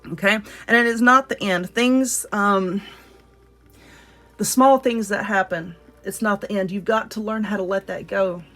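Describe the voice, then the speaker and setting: A woman's voice: medium pitch, fairly even intonation, unhurried, fairly bright tone. A woman with a Southern US accent giving a casual spoken card reading, talking earnestly and directly to the viewer. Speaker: tarot reader.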